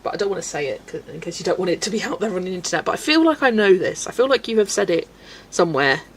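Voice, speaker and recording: A woman's voice: fairly low pitch, lively intonation, racing, low-quality recording. Woman from Belgium, livestream host; chatty, giggly, casual, faint hiss under the voice. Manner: chatty, laughs often, stumbles over names. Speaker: livestream host reading chat. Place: home, colouring at a desk.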